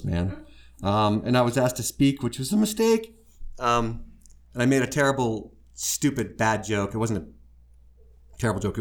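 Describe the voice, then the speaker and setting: A middle-aged man telling his life story to a live audience, candid and wry, poking fun at himself. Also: lowish voice. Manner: wry, self-deprecating, animated when quoting others.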